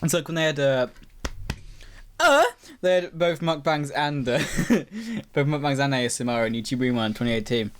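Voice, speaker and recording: A man's voice: medium pitch, lively intonation, normal speed. A young man hosting a podcast, rambling and swearing casually while he eats cookies. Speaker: podcast host. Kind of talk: casual chat.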